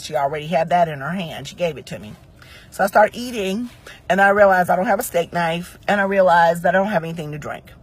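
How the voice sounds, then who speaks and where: Husky-voiced woman telling a story. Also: lowish voice. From Central Ohio, United States. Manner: conversational storytelling acting out quoted dialogue. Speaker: vlogger. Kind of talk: storytime rant.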